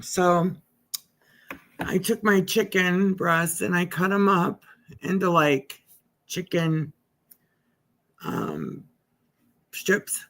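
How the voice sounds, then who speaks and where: A woman's voice: fairly low pitch, extremely slow, long pauses, fairly bright tone. A middle-aged woman livestreaming from her living room, rambling in casual chat as if talking to herself. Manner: chatty, talks to herself. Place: living room at home by a window.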